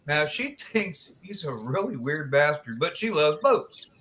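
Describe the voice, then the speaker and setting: A man hosting a live chat stream, telling long crude jokes in a loose, animated way. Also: on the high side, measured pace. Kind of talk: joke telling in casual chat.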